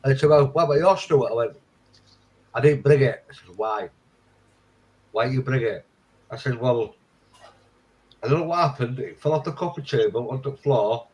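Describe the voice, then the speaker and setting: A man's voice: medium pitch, normal speed, pauses often, a little mellow, low-quality recording. A man in casual chat, swearing freely and acting out both sides of remembered conversations. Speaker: friend in conversation.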